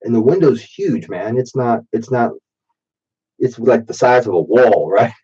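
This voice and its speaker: Animated yet a little slow, his mid-range voice sounds dark and husky. The late-thirties streamer, allergies clogging his nose, drinks through a late-night session of rambling, profane storytelling captured by a dull, muffled default mic.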